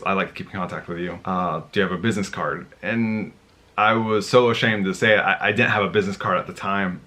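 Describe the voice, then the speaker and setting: Guy vlogging, rambly and excited, bright forceful voice, kinda low pitched. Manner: rambling, animated, many restarts and fillers. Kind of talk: casual storytelling to camera.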